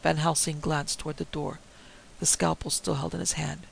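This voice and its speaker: A man narrating a story in a steady, theatrical manner. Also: on the high side, normal speed, creaky, rough recording. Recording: faint hiss.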